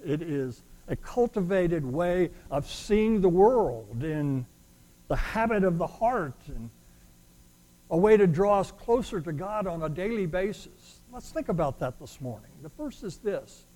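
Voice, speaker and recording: A male pastor delivering a sermon in a fairly high voice. He drives his points home with loud, ringing declarations, then drops back to softer, more intimate asides. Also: big pitch swings, measured pace, low-quality recording. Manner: emphatic, swings between loud declarations and quiet asides.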